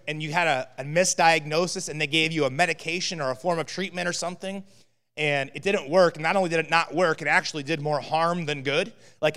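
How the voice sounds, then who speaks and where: A man's voice: on the high side, fairly bright tone. A man preaching a sermon in a conversational, storytelling way, with lots of fillers. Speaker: pastor. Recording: hall with long reverb.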